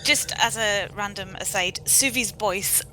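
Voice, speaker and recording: A woman's voice: medium pitch, measured pace, sharp tone, faint music behind, low-quality recording. A woman guest on a gaming podcast, speaking frankly and animatedly, swearing and laughing as she chats. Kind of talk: casual gaming commentary chat.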